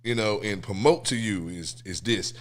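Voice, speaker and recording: A man in casual podcast chat, animated and streetwise, often repeating "you know what I'm saying.". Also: fairly low pitch, normal speed. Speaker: podcast co-host.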